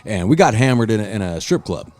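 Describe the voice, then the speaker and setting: A man hosting a casual chat, telling a story with loud acted-out quotes and frequent swearing. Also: fairly low pitch, fast, no echo. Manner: animated, swearing, acts out quotes loudly. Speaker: podcast host.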